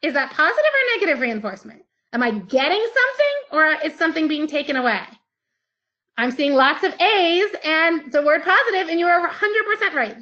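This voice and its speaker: Lively, bright-voiced woman lecturing a class. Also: high voice, muffled recording. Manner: lively, playful, acts out screaming child voices. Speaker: psychology lecturer. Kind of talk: live online class lecture.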